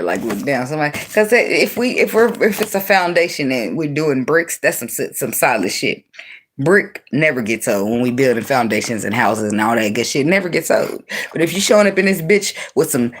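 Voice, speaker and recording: A woman giving an unscripted tarot reading in a blunt, profane, animated way, breaking into laughs often. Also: rumbling low, fairly quick. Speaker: tarot reader.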